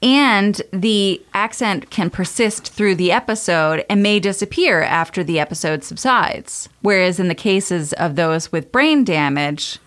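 A woman's voice: mid-range voice, expressive, unhurried, hardly any pauses, a bit bright. A woman co-hosting a podcast, telling a story in a chatty way with fillers and frequent laughs. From United States. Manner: chatty, laughs often, fillers, tries comic accents. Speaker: podcast co-host.

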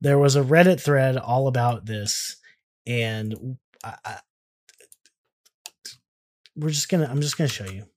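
A man's voice: mid-range voice, unhurried, long pauses. A man co-hosting a podcast in casual chat, leading the segment with dry jokes and puns. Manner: dry, jokey, leads the segment. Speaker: podcast co-host.

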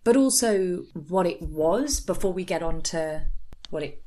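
A young British woman on a chatty podcast, her voice sitting a touch low for a woman. She tells long, animated stories in a casual, rambling way, full of asides. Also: unhurried. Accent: British English. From Britain. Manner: chatty storyteller, lively and animated. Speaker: podcast co-host. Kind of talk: casual chat.

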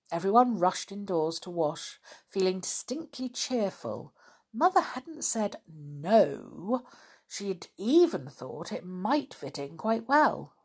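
A woman reading a children's storybook aloud in an expressive way. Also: mid-range voice, breathy edge.

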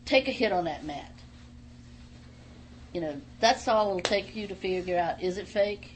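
Animated middle-aged woman telling stories. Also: on the low side, moderate pace, a little hiss or hum. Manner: animated, emphatic storyteller. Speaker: guest, former wrestler. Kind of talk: casual radio interview storytelling. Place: radio studio.

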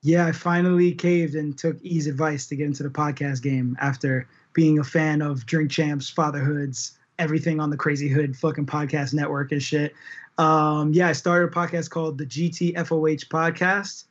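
A laid-back man talks on a podcast over a video call, easy and slangy, with casual swearing. His voice sits a touch high, and the call audio is muffled and lo-fi. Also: flat delivery, normal speed. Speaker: podcast guest.

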